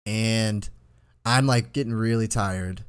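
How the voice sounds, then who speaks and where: A young man in his twenties, co-hosting a podcast, tells a rambling, filler-packed story in casual chat. His voice is lowish, slow and smooth.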